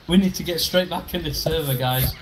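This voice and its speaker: Foul-mouthed gamer, high-pitched, chatting over a noisy game crowd. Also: male voice, a little fast. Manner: crude, swearing, mocking. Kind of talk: casual gaming voice chat.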